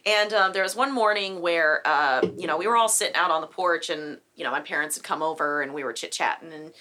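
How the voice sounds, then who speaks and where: A bright-voiced woman chatting on a podcast as a guest singer. She tells a story at an easy, rambling pace, filling gaps with little asides. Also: sits low, a little fast. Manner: rambling storyteller, full of fillers. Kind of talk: casual podcast chat.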